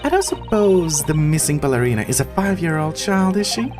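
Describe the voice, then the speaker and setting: A woman's voice: low voice, sing-song, brisk. A woman playing a polite, hesitant young assistant. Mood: reasoning. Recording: game music behind voice.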